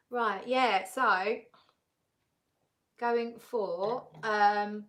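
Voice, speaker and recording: A tired woman hosts a relaxed live-stream chat, greeting viewers by name and reading their comments aloud. She talks at an unhurried, slow pace, with a chatty, easygoing manner and plenty of little fillers. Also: medium pitch. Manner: frequent laughs and fillers, easygoing. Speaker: fragrance channel host.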